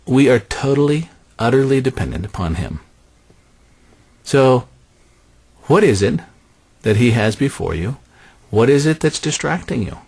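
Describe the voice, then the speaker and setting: Brief: conversational male preacher; animated delivery that drops soft on key phrases. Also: medium pitch, slightly rough. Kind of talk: sermon.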